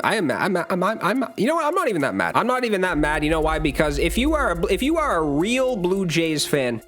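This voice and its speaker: A man's voice: sits high, a bit bright. A man hosting his own channel, ranting in a sports reaction vlog, exasperated and rambling, stammering through restarts and swearing. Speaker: channel host.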